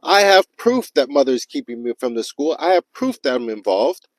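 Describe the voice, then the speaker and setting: Man, livestream rant, frustrated, cursing, talks to viewers, mid pitch, dry close sound. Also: very animated, fairly quick, dry recording, poor audio.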